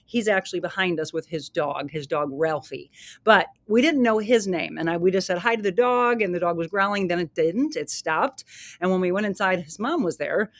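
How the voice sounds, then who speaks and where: A woman's voice: fairly low pitch, lively intonation, moderate pace, no room sound. A woman hosting her own podcast, telling a story in a chatty, casual way with asides to her listeners. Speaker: podcast host.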